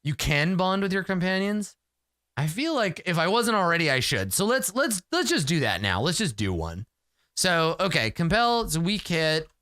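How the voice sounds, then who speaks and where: A man's voice: sits high, big pitch swings, moderate pace, sharp tone, no echo, studio quality. A man narrating a solo tabletop game in the first person, rambling and emotional, with many fillers.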